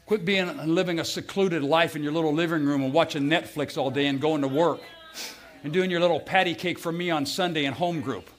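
A middle-aged American man preaching a sermon, telling stories with feeling and swinging from loud to hushed. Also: a little high, steady tone, a little fast. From United States. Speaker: pastor.

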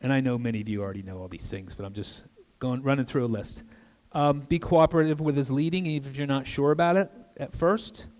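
An older man preaching an earnest sermon as a guest pastor in a church, with conversational asides and soft drops for emphasis. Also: medium pitch, a little fast, hardly any pauses. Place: church sanctuary. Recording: long reverb of a church hall.

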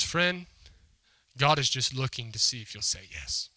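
A man's voice: medium pitch, big pitch swings, measured pace, sharp tone, no room sound. A man preaching a sermon as a pastor, telling a story in a conversational, emphatic way and acting out the quotes. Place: church hall before a congregation.

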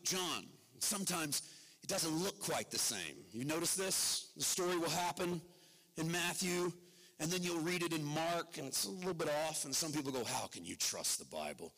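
Middle-aged male pastor mid-sermon, emphatic then hushed, bright tone, long church reverb. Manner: wide swings between loud emphatic and low quiet delivery. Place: church sanctuary. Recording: long reverb of a large hall.

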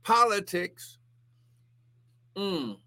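A man preaching prophetically on a live stream, exclaiming often and swinging between shouts and hushed asides. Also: sits high, big pitch swings, drawn-out words.

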